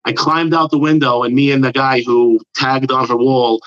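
A man's voice: medium pitch, moderate pace, no room sound. Profane New man telling a story. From New York area. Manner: profane, rambling, animated with put-on quotes. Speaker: comedian guest. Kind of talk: casual storytelling. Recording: dull lo-fi dry sound.

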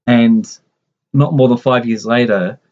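A man's voice: mid-range voice, fairly even intonation, a little slow. Rambling man telling a family story. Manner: rambling, with many restarts and asides. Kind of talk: casual conversational storytelling. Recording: dull lo-fi sound.

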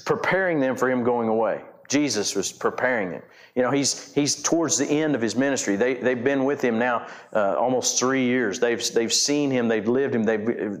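A middle-aged man preaching an informal sermon in a folksy, rambling way, correcting himself and stressing key words. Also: medium pitch.

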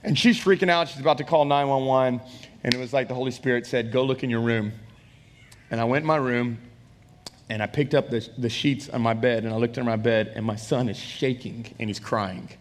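A man preaching in a church, storytelling from the pulpit and sometimes shouting in the quoted moments. His voice sits in the middle range. A long hall reverb trails each phrase. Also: medium pitch, fairly even intonation, brisk. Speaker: pastor. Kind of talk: sermon.

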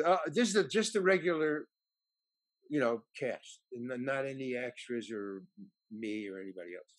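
Older male actor guest, storytelling, halting with restarts, slightly high voice. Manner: halting, many fillers and restarts. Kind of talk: anecdotal storytelling.

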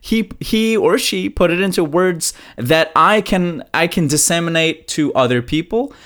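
A man co-hosting a casual podcast chat, rambling and animated, often repeating himself as he builds a point. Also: a little high, a little slow. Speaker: podcast co-host.

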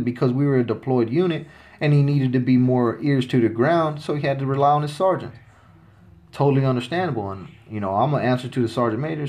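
A man's voice: mid-range voice, lively intonation, fast, darkish tone. A man in his thirties hosting a podcast, telling a story about his time in the service in a blunt, swaggering, heavily profane way. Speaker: podcast host. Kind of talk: casual storytelling monologue.

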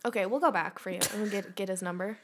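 A woman's voice: mid-range voice, fast, a little hiss or hum. A young woman co-hosting a podcast, chatting casually and laughing often as she tells a story. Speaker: podcast co-host. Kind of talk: casual chat.

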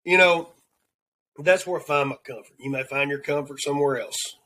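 At normal speed, a man with a fairly high, sharp-toned voice and a Southern accent from the Southern United States delivers an earnest, meandering devotional segment for his talk show podcast, repeating words as he searches for them.

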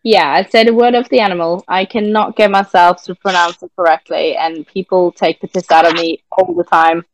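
Low-voiced woman hosting a podcast. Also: steady tone, brisk, a little hiss or hum, rough recording. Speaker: podcast host. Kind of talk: casual podcast chat.

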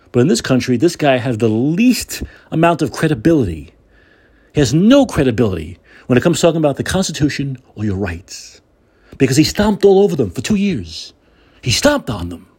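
A man's voice: mid-range voice, darkish tone, husky. A man hosting a political talk show, delivering an angry, sarcastic and profane rant.

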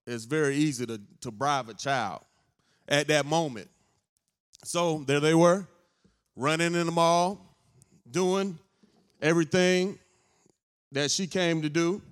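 Guy preaching in church, slow story telling, kinda high voice. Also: smooth. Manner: unhurried storyteller who builds to fervent preaching. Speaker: pastor. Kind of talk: storytelling sermon. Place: church sanctuary.

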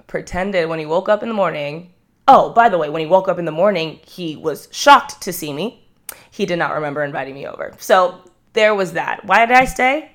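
A woman in her twenties, hosting a podcast and telling candid, self-mocking stories in casual chat, swearing freely. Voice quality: low voice with vocal fry. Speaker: podcast host. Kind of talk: casual confessional storytelling.

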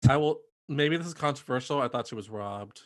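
A man co-hosting a casual, gossipy chat, animated and often acting out quotes in high, mocking voices. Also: a little fast. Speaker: podcast co-host.

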